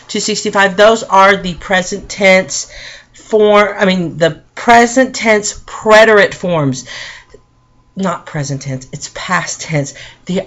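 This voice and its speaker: A woman teaching a language grammar lesson from a textbook. She talks patiently, corrects herself, repeats forms for clarity, and reads each word form slowly with clear stress. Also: fairly low pitch. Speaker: Spanish teacher. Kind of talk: classroom grammar lesson walking through a textbook.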